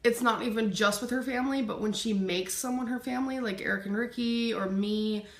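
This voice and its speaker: A woman with a gravelly, creaky edge to her voice, chatting casually as she reads out viewer questions. The sound is roomy, with a noticeable echo around her. She talks loosely and laughs easily. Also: on the high side, brisk. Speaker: YouTuber answering viewer questions. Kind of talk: casual chat. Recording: echoey room.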